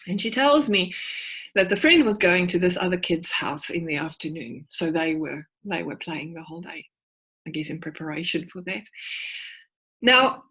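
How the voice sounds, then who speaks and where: A woman's voice: fairly low pitch, fairly bright tone, slightly rough, poor audio. A woman in her forties, a clinical psychologist, giving a conversational talk over a video call and telling stories with frequent restarts. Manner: storytelling, with frequent word restarts. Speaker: clinical psychologist, guest speaker. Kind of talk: conversational presentation.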